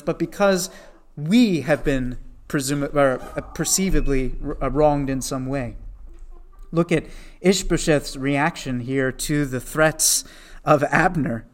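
A man teaching a Bible study in a conversational way, often asking rhetorical questions. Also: fairly high pitch.

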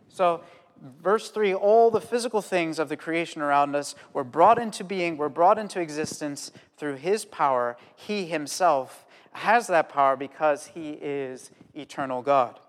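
Guy preaching a sermon, bit high voice, earnest and animated, long echo from the hall. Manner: earnest, animated storytelling with pauses.

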